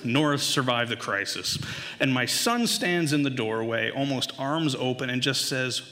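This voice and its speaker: Thirties guy telling a funny dad story, bright punchy voice, big hall echo. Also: measured pace. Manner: animated, voice jumps high when acting out panic. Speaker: father telling a story to an audience. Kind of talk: humorous personal storytelling.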